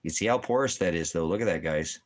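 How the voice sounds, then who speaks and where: A man vlogging in casual chat, rambling and repeating himself with halting restarts. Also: low voice.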